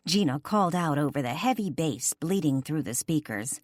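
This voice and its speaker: A woman narrating a romance audiobook in the first person, expressive and casual. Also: deep voice, moderate pace, few pauses, no echo, studio quality.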